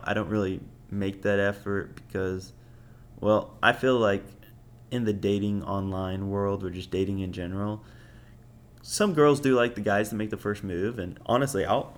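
Low-voiced young man, profane and offhand. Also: slight background noise. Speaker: podcast host. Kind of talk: casual storytelling.

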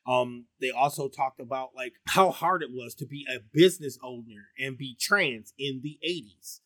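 A middle-aged man with a baritone voice, chatting casually and profanely as a podcast co-host, high and rambling with many fillers and restarts. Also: moderate pace, fairly bright tone, dry recording. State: high on marijuana. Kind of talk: casual chat.

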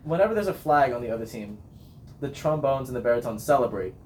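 Talkative young male band captain, lively swooping voice, faint hiss behind. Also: mid-range voice, quick pace. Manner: talkative, laughs often, chants cheers. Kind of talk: casual podcast chat.

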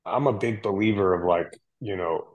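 Low-voiced guy, firefighter, telling a story loose and chatty, lots of "like" and "dude". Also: moderate pace, dull audio. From United States. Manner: relaxed, animated retelling with many fillers and quoted dialogue. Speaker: podcast guest, firefighter. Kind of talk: casual storytelling.

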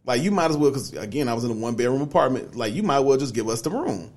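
A man's voice: medium pitch, expressive, very fast, a little mellow. A young man on a podcast, casually telling a long personal story, laid-back, with lots of fillers. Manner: laid-back, many fillers like "you know what I'm saying". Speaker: podcast co-host.

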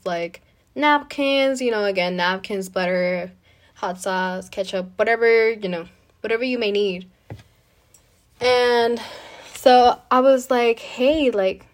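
A woman hosting a podcast, telling a personal story in a chatty way, full of "like" and "you know". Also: mid-range voice. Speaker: podcast host. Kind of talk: casual storytelling.

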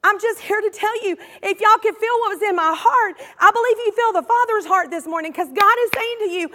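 A woman with a Southern US accent preaches a fiery sermon in a big room, her very high, bright voice forceful and a little fast with few pauses. She repeats phrases for emphasis and calls out to the congregation, drawing responses from them.

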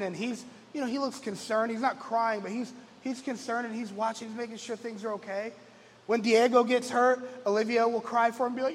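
Male pastor, 30s, high-pitched, casual storyteller; reverberant hall with faint music. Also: fairly bright tone, a little hiss or hum. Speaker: lead pastor. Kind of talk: conversational sermon. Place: church.

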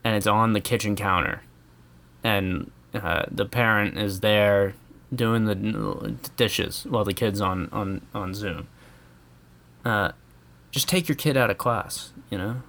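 A rambling American man rants in a loose, comedic way, swearing freely and chuckling at his own points. His voice sits on the low side for a man. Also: slow, creaky, a bit bright. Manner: rambling, profane, chuckling, with many fillers. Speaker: vlogger. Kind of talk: casual comedic rant.

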